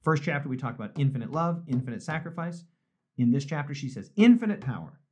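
A man's voice: mid-range voice, fast, husky. A man, a pastor, talking earnestly and reflectively in a live devotional discussion, often repeating phrases for emphasis. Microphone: streamed live online.

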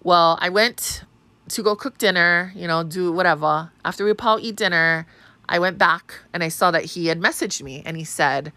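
A woman hosting a podcast, telling a story in an animated, profane, casual way and acting out the other people's lines. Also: fairly low pitch, moderate pace, no echo. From Hawaii. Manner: animated, profane, acts out quoted voices. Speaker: podcast host.

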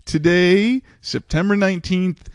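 A middle-aged man co-hosting a podcast in casual chat, laughing often and talking in quick bursts. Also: high-pitched, dry recording, clean studio sound. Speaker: podcast co-host.

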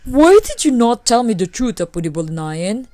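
A woman's voice: on the high side, very animated, normal speed, mellow, no echo. A woman voicing a brave young man in a folk tale, speaking earnestly and politely.

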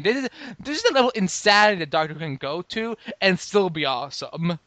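A man co-hosting a podcast, excitable and tripping over his words as he chats. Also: high-pitched, very fast, dry recording. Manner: excitable, stumbling restarts. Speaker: podcast co-host. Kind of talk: casual chat.

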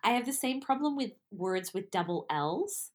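A woman's voice: medium pitch, big pitch swings, moderate pace. Aussie girl chatting on a podcast, laughs at herself a lot, trips over words. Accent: Australian. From Australia. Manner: giggly, self-deprecating, stumbles over words. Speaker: podcast co-host. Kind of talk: casual chat.

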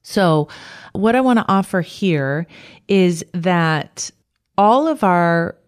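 Woman, podcast host, low voice, chatty and friendly, dry close mic. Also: expressive, slow, smooth, dry recording. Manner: warm, chatty, laughs easily. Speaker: podcast host and life coach. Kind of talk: casual solo podcast talk.

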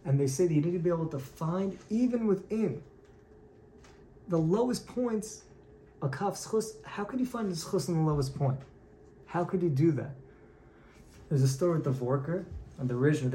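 A man teaching a Torah class, telling stories with lively acted-out quotes. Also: sits high. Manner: animated storyteller acting out quoted voices. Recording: echoey room, faint background noise.

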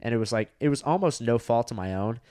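A young man, a comedian co-hosting a podcast, tells rambling, profane stories in casual chat. His mid-range voice has a darkish tone and lively intonation, and he talks fast, packing in fillers and lots of "like."

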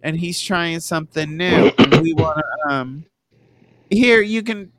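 A man's voice: on the high side, lively intonation, a little slow, heavy background noise. A man hosting a podcast, telling a rambling story in casual chat and laughing often. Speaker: podcast host.

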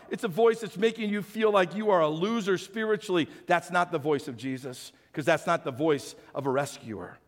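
A man preaching a sermon as pastor, swinging between loud acted shouts and soft, low appeals. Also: in a large hall.

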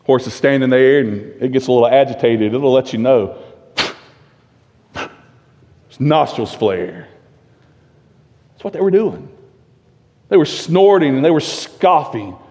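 A male pastor preaching a sermon, emphatic, full of rhetorical questions, swinging between loud and hushed. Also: medium pitch, lively intonation, takes it slowly, long pauses. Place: church sanctuary. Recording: long reverb of a church sanctuary.

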